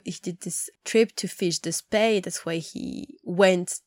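A woman's voice: lowish voice, fairly even intonation, slow pace, no echo, clean studio sound. A woman chatting casually as a podcast host, animatedly retelling scenes and acting out lines. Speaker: podcast host recapping a TV episode. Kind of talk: casual chat.

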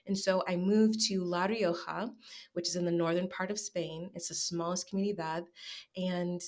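Young american woman talking frankly in an interview, lively, quotes herself a lot. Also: lowish voice, moderate pace. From United States. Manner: candid, animated, acts out inner voice. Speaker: guest. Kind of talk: casual interview chat.

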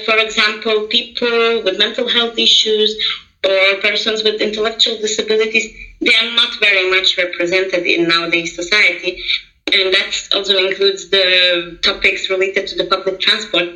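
A woman's voice: medium pitch, sharp tone, echoey room, rough recording. A woman, a podcast guest giving earnest, explanatory interview answers and sometimes searching for words. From Lithuania. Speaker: podcast guest, project coordinator.

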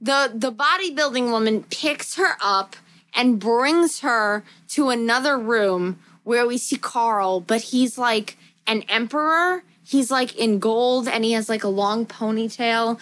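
A woman's voice: fairly high pitch, a little slow. A woman co-hosting a podcast, casually recapping a film with lots of swearing and acted-out quotes. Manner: animated, swears freely, acts out quotes. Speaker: podcast co-host. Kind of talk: casual movie recap chat.

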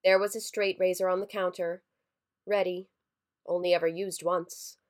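A woman narrating a scripted horror story in a measured, somber way. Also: on the low side, level tone. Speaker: story reader.

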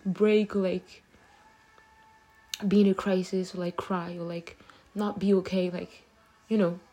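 Late at night, a young woman vlogs to her camera, speaking softly and haltingly with many fillers and restarts. She is tearful after crying. Her voice is lowish and her tone level.

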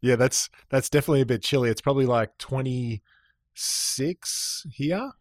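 A man with an Australian accent, a podcast guest telling stories in an animated way, acting out voices and laughing often. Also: mid-range voice, moderate pace, no room sound, studio quality. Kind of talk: casual interview chat.

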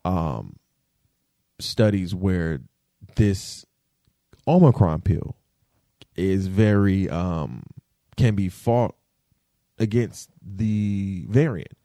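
Animated New man ranting. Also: low voice, extremely slow, pauses often, dry recording, studio quality. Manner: animated, swears freely, frequent fillers and "you feel me". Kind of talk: casual rant, podcast-style chat.

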